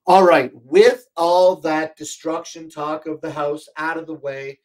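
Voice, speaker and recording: A slightly slow, high-leaning male voice with fairly even intonation carries this casual livestream product chat from a home studio. The host rambles, leaning on fillers, and his voice strains and breaks. His desk microphone sits more than an arm's length from him.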